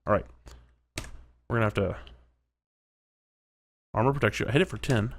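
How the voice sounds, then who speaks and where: A man's voice: lowish voice, normal speed. A man narrating his own game play, chatting and reacting aloud, at times dropping to a whisper. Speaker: gaming commentator. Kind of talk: let's play commentary.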